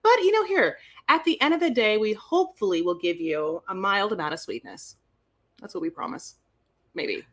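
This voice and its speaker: A woman's voice: mid-range voice, lively intonation, a little fast, fairly bright tone. A woman co-hosting a podcast, sassy and playful, chatting casually and calling people "honey". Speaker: podcast co-host. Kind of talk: casual chat.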